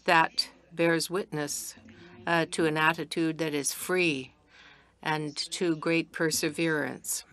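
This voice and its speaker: Low-voiced woman interpreting live. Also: fairly even intonation, a bit bright. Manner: deliberate, uneven pacing. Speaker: simultaneous interpreter.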